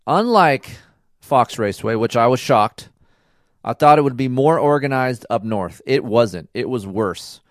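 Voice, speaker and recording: A middle-aged man hosting a podcast, telling a rambling racing story in a casual, animated way and acting out the dialogue. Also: mid-range voice, measured pace, no echo, studio quality. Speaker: podcast host and racing dad.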